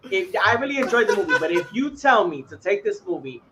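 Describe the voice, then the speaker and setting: A man's voice: high voice, sing-song, quick pace, a loud crowd. A man from Puerto Rico co-hosting a podcast, nitpicking a film in heated talk full of swearing. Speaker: podcast co-host. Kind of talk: casual podcast banter.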